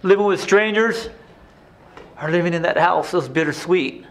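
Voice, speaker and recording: Guy acting out a haunted ex-con telling his story on stage, high voice, goes from quiet to yelling. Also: moderate pace. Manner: emotional, swings from hushed to shouting. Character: grown man, former abused son, intense and haunted. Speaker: stage actor playing an inmate. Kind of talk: theatrical stage monologue.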